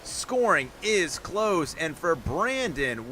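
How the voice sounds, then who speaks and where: A man announcing a live gaming stream with a bright, forceful voice pitched a little high. He chats with viewers between runs and breaks into excited yells at big jumps. A faint hiss of noise sits under the voice. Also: moderate pace. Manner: upbeat, chatty, bursts of excited yelling. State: out of breath. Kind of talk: live-stream play-by-play commentary.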